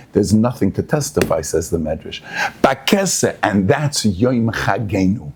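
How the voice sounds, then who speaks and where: Animated rabbi teaching a Torah class. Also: male voice, lowish voice, unhurried, slightly rough. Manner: animated, mixes Hebrew and Yiddish, rises to excited emphasis.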